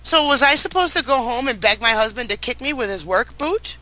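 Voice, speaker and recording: A woman's voice: fairly high pitch, expressive, fairly quick, sharp tone, poor audio. A middle-aged woman speaking as a guest, telling her personal story in an earnest, emotional way with frequent restarts.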